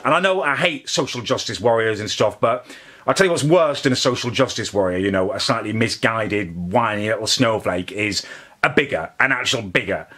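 An indignant man rants straight to camera in a comedic vlog. His voice is bright and forceful, and his pitch swings widely as he works himself up. He peppers his complaints with mild swearing. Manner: indignant, ranting, swears often. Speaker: vlogger host.

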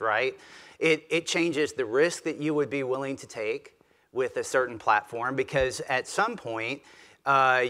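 Southern man, 50s, retired general, keynote, chatty and self-deprecating, bright forceful tone. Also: mid-range voice. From Mississippi, US. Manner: conversational, animated, self-deprecating. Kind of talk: conference keynote speech.

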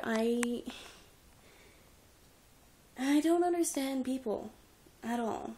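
Slow, gravelly young woman venting. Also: medium pitch, fairly even intonation, slight background noise. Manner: frustrated, rambling, tearful. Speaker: reptile rescue keeper. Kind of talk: emotional personal vlog. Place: at home indoors. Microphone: handheld camera at arm's length.

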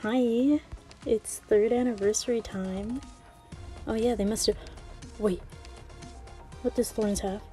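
A woman gamer rambling in easy, casual chat, often giggling and a little out of breath. Her voice is mellow and soft-edged, with faint game music in the background. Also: a little high, fairly even intonation, slow pace, pauses often. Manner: says she always sounds out of breath. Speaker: gaming video creator.

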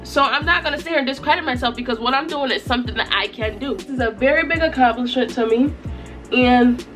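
With faint music in the background, a young woman from Utica, New York, speaks quickly in a high-pitched voice, crying happy tears. A YouTuber filming at home in front of a mirror, she talks straight to camera in an emphatic, repetitive, casual vlog.

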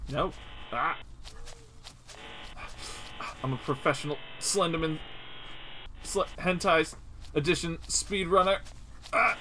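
Young streamer talking slow over a game, bright sharp voice, cusses a lot, faint hiss behind. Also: mid-range voice, rough recording. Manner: swears often, laughs at the game, talks to the enemy. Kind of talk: live gameplay commentary.

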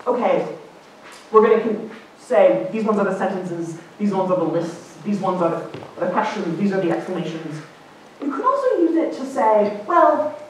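A woman linguist giving a casual public lecture, chatty and animated, putting on higher voices for the people she quotes. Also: slight background noise. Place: lecture hall. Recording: echoey hall from far off.

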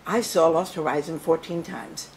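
A woman's voice: low-pitched, moderate pace, a little hiss or hum. An older woman entertainer, reminiscing theatrically about show business at her home. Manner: theatrical, animated storyteller. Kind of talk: showbiz reminiscing to camera.

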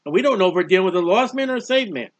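A man's voice: sits high, lively intonation, racing. A man giving a conversational Bible teaching, plain-spoken, repeating phrases and firing rhetorical questions. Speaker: preacher.

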